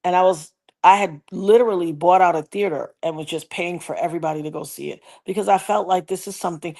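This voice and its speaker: A woman livestreaming, casually telling a personal story and reading viewer comments in an animated, folksy way. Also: lowish voice, quick pace, vocal fry. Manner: animated, folksy, slips into quoted voices.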